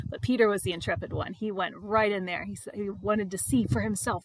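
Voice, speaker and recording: A woman reading her devotional blog aloud in a reflective, expressive way, with emphatic repetition. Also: mid-range voice, brisk.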